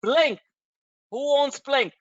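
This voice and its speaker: A man's voice: very high-pitched, slow pace, no echo, muffled recording. A man hosting a stock trading webinar, talking bluntly and emphatically, swearing and repeating himself for effect. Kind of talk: live trading webinar rant.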